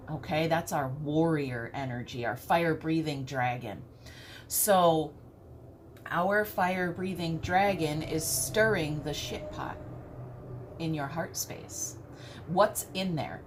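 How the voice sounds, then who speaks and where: Low-voiced chatty woman reading tarot. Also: a little hiss or hum. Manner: chatty, keeps asking "okay?"; playful and earthy, mild swearing. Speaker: tarot reader. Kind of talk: casual tarot reading to camera.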